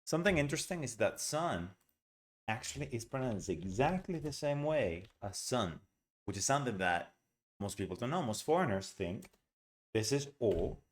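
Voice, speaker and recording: A man's voice: mid-range voice, expressive, normal speed. Chatty man teaching English reading. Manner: chatty, explains words and pronunciation as he reads. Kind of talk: casual reading lesson.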